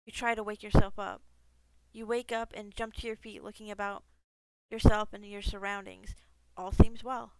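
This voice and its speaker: A woman's voice: mid-range voice, flat delivery, normal speed, a little mellow, clear, resonant tone, dry recording, rough recording. A woman gaming streamer reading a text game aloud, breaking off into casual asides, swearing freely and laughing at herself.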